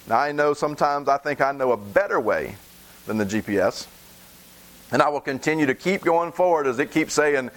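A man's voice: sits high, a little fast, fairly bright tone. A middle-aged man preaching a sermon in an earnest way, often repeating words as he starts a phrase.

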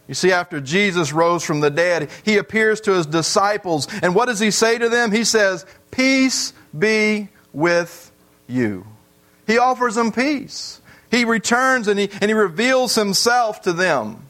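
In church, a pastor preaches to his congregation with earnest, repetitive delivery and long, drawn-out pauses. His voice is high-pitched and somewhat bright.

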